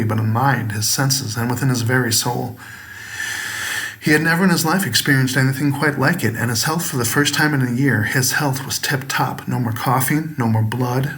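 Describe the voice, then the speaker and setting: A man narrating a gothic horror story he wrote, in a measured, dramatic storytelling manner. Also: mid-range voice, fairly bright tone. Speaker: author and narrator.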